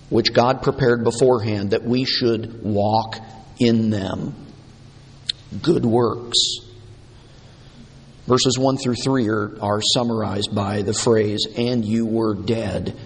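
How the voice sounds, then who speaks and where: A man preaching a sermon, deliberate and emphatic, repeating key words for weight. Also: medium pitch, husky. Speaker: pastor. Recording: long hall reverb.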